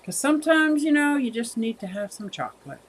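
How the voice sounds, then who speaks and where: A woman's voice: fairly high pitch, very animated, fairly quick. A woman hosting a casual livestream, chatting with viewers in a rambling way and thanking them by name. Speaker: livestream host.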